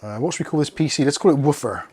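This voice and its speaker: This English tech video host has a fairly high, warm voice with a breathy edge and talks very fast. During a casual unboxing, he rambles and cracks jokes while chatting with his household, his pets, and his viewers.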